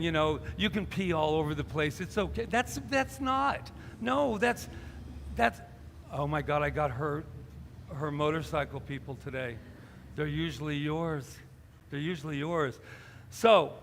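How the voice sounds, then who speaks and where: A man's voice: a little high, fairly bright tone, a little hiss or hum. Man preaching a story in a reverberant hall. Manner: storytelling, acting out both sides of a conversation. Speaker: pastor. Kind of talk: sermon. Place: church hall.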